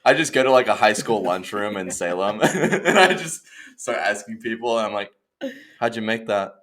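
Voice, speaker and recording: A young man co-hosting a casual podcast, excitable and quick to mock outrage, slipping into silly voices. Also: fairly low pitch. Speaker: podcast co-host. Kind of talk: casual chat.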